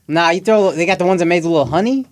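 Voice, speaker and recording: A man's voice: high voice, rapid-fire. A man co-hosting a comedy podcast, talking in slangy casual banter. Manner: slangy, says son and dog. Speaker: podcast co-host.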